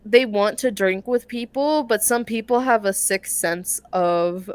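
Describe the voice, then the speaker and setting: Smooth-voiced young woman, rambling guest. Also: medium pitch, unhurried, no room sound. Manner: chatty, rambling with many likes and ums. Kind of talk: casual interview.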